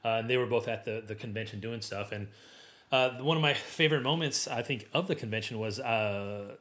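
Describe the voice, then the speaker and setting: A man's voice: mid-range voice, brisk, fairly bright tone. Rambling man in casual chat. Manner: rambling, many restarts and fillers.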